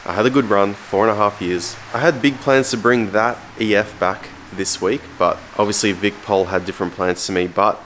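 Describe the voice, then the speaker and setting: Casual Australian bloke with a low voice. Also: male voice, normal speed, few pauses, slight background noise. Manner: swearing, animated retelling with quoted voices. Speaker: car vlogger. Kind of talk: casual storytelling vlog.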